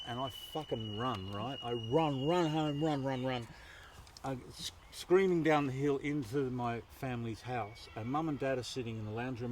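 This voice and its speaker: A man performs a story live outdoors to an audience, animated and quick to swear. His voice sits at an ordinary pitch, with faint outdoor noise behind it.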